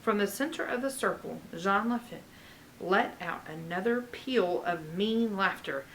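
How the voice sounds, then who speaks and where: A woman reading a children's chapter book aloud with expressive delivery and chatty asides. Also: mid-range voice, a little slow, a little hiss or hum, poor audio. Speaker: reader.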